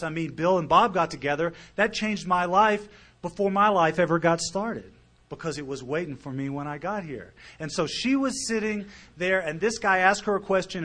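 A middle-aged man shares his story before a group, his voice sitting a little high for a man. He talks animatedly, acting out what other people said and dropping from loud bursts to near mutters. The delivery is personal and conversational. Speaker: speaker sharing recovery story. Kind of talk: storytelling talk at a recovery meeting.

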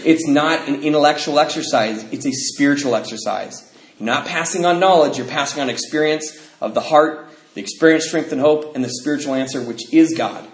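A man sharing his recovery story with a meeting, lively, acting out what people said and laughing often. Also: a little high, brisk. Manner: animated, acts out quoted dialogue, laughs often. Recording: echoey room, faint noise.

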